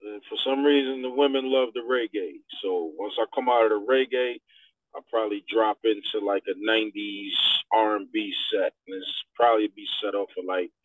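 A man, a DJ, telling stories in a lively way on a radio talk show, acting out what people said. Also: lowish voice, normal speed, no echo. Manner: animated storyteller, acts out quotes. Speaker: DJ guest. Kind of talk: radio interview. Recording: dry tinny phone-like sound.

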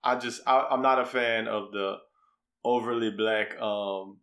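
Young male podcast co-host, bright voice, loose joking delivery, rambling tales. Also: lowish voice, steady tone, a little slow. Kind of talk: casual chat.

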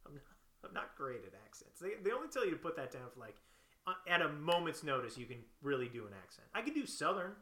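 A young man co-hosts a comedy show with a very bright, tense voice and a high-leaning pitch. His talk swings up and down as he banters and bickers. An echoey room rings around him. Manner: animated, quick to bicker. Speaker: co-host.

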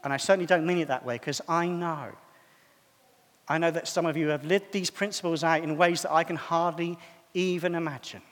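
A man's voice: a little high, steady tone, fairly quick, fairly bright tone, big-room sound. A man preaching a sermon in a conversational, self-deprecating way.

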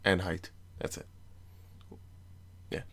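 A man's voice: slow pace, fairly bright tone. A young man hosting a casual recorded chat, rambling and teasing with jokes. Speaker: podcast host.

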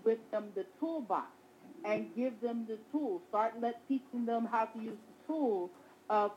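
Woman, mother, casual chat, high-pitched, animated, restarts, faint background noise. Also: unhurried, muffled recording. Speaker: guest, mother. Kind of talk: casual conversation.

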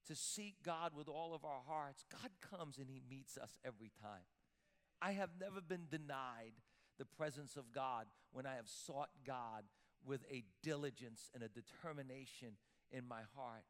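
A man's voice: fairly high pitch, a bit bright, clear, resonant tone. A man preaching a sermon as pastor, emphatic, repeating words as he builds up. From Sicilian-Italian heritage. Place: church sanctuary with long reverb. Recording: reverberant church hall.

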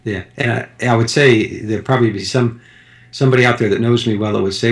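A man's voice: lowish voice, fairly even intonation, brisk, gravelly. A man in casual conversation, telling a rambling personal story with frequent restarts. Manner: rambling anecdotes with many restarts.

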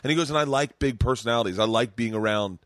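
A man's voice: medium pitch, fast talker, no echo, clean studio sound. A man in his forties hosting a comedy podcast, telling stories in a rambling way with many restarts and raised-voice quotes of other people. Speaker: podcast host. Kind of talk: casual storytelling chat.

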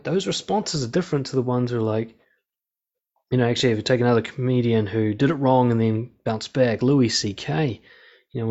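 A man in the middle pitch range talks bluntly and swears freely in a casual, opinionated monologue. The sound is dull and lo-fi. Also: a little mellow.

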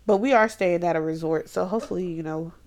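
A woman's voice: on the low side, darkish tone. A woman co-hosting a podcast in casual, joking chat. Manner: loose, joking, talks in quick bursts. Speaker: podcast co-host.

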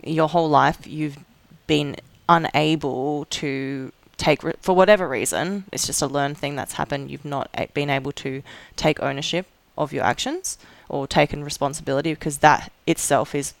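A podcast co-host talking casually, with lots of likes and quick restarts. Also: mid-range voice, fairly even intonation, gravelly, no echo. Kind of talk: casual chat.

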